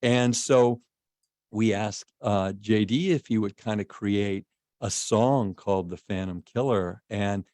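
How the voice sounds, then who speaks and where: A man's voice: on the low side, slow, no room sound. A man hosting a radio show, talking casually with many restarts. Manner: rambling, warm-hearted, lots of restarts.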